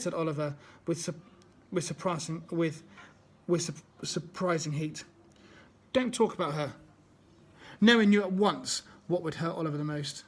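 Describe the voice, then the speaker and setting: A man's voice: on the high side, moderate pace. A man reading a children's book aloud as a storyteller, unpolished and often restarting.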